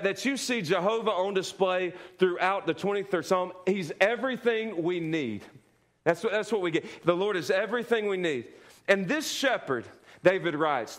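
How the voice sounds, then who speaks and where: Man, high-pitched voice, pastor, emphatic sermon, repeats key phrases, call-and-response. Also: a bit bright.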